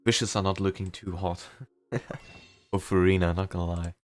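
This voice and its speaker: Deep-voiced man with a slight German accent. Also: little pitch movement, moderate pace, faint music behind. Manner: chatty, rambling, self-deprecating. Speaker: streamer. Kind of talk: casual chat during a live game stream.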